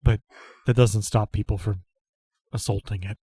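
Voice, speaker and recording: A man narrating a tabletop role-playing game as game master, quietly voicing the characters in an unhurried way. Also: on the low side, fairly even intonation, husky, no room sound.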